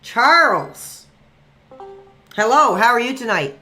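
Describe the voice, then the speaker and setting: A man hosting a livestream and taking calls, chatty and excitable, quick to flare up. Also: extremely high pitch, soft background music. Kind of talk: casual call-in chat.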